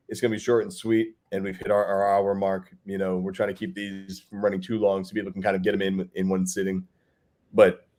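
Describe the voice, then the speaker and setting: A man's voice: medium pitch, darkish tone. A man, co-hosting a live fatherhood Q&A and answering bluntly with rhetorical questions. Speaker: co-host, fatherhood coach. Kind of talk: live Q&A advice talk.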